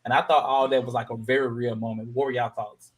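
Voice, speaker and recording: A man hosting a casual panel chat, animated and jumping into high voices to act out quotes. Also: fast. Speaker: podcast panel host recapping a reality show.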